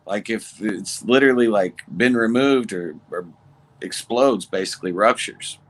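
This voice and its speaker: Co-host, man, lowish voice, easygoing relaxed conversational telling. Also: unhurried. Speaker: podcast co-host. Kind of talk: casual chat.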